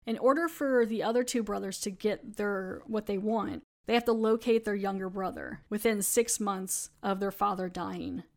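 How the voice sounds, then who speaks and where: A woman's voice: mid-range voice, moderate pace, hardly any pauses. A woman hosting a podcast, recapping an episode in a chatty way, laughing often. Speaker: podcast host.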